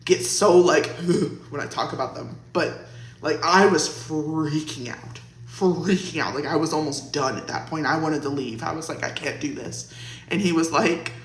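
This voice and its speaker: A woman's voice: low-pitched, moderate pace. A young woman vlogger casually telling a storytime, chatty and laughing, with lots of "like". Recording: roomy echo.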